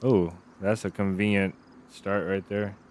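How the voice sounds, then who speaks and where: Laid-back low-voiced male game streamer. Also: measured pace, a little hiss or hum. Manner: relaxed, rambling, chats with viewers. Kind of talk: casual live-stream commentary.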